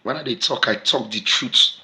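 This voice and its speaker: This vlogger, a man with a Nigerian accent, talks to the camera with heated emphasis and lots of repetition. At a moderate pace, he alternates between shouting outbursts and mumbled asides.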